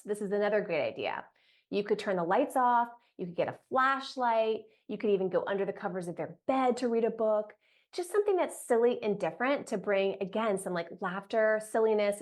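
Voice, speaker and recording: A woman and mother coaching parents on toddler sleep, talking casually to camera with lots of "like" fillers. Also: medium pitch. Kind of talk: direct-to-camera parenting tips.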